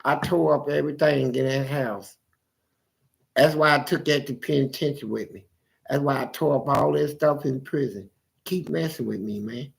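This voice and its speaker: A man's voice: medium pitch, normal speed, gravelly. A man in casual conversation, animatedly telling stories from his life and acting out his family's voices. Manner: animated storyteller who acts out family voices. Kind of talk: casual storytelling chat.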